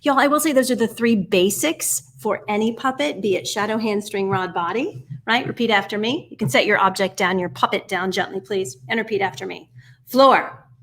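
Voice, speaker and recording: An American woman in her forties teaching a puppetry workshop, energetic and encouraging, counting steps aloud and often dropping to a whisper. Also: medium pitch, a little fast, few pauses. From United States. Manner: energetic and encouraging, keeps asking "right?". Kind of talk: online workshop instruction.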